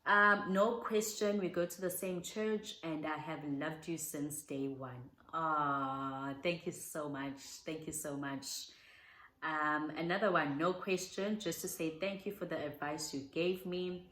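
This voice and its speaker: A woman's voice: deep voice, fairly even intonation, measured pace, fairly bright tone, roomy sound, poor audio. A young South African woman chatting heartfelt and casual as she answers viewer questions, slipping in Zulu words. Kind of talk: casual Q&A chat.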